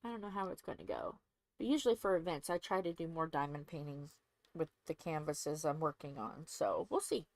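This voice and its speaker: Chatty woman crafting vlogger, lowish voice. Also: expressive, fairly quick, no echo, low-quality recording. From Indiana. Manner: chatty and rambling, voice dropping soft when sad. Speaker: crafting channel host. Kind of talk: casual chat to viewers while diamond painting.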